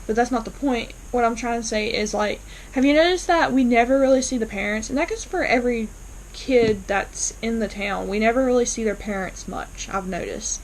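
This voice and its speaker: A woman's voice: fairly high pitch, a little fast, a little hiss or hum, rough recording. A woman casually recapping a TV episode, chatty, with frequent ums and restarts as she retells scenes. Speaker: TV episode reviewer.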